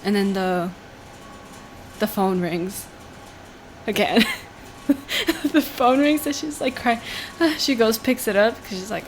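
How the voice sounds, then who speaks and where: A woman's voice: mid-range voice, slight background noise. Chatty woman podcast co-host. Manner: animated retelling, says "like" often, quick laughs. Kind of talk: casual chat.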